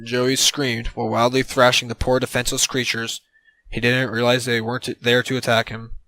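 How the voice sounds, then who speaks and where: Deadpan man narrating a silly story. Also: medium pitch, brisk, rough recording. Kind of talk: absurd comedic story narration.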